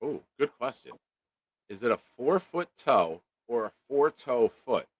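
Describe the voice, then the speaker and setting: A man's voice: mid-range voice, expressive, unhurried, dry recording. A man hosting a casual live-stream chat, joking around and reading viewer comments aloud. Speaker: show host.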